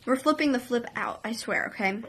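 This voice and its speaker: Female vlogger with a high-ish voice, excitable storytelling full of fillers. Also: fairly quick, slight background noise. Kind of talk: storytime vlog.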